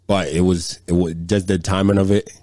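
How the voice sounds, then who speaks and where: A man's voice: low-pitched, little pitch movement, brisk, mellow, no echo. Podcast co-host, male, dry close sound, loose cursing storyteller. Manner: profane, rambling anecdotes with repeated fillers. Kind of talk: casual storytelling chat.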